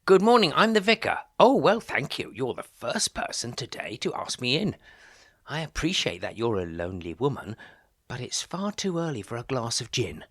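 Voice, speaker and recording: A man's voice: medium pitch, sing-song, moderate pace, a bit bright, slightly rough, dry recording, studio quality. A man playing a harried older vicar going door to door for money, in a theatrical, wry comic verse monologue. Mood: pleading. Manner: theatrical, exclamatory, wry and sarcastic.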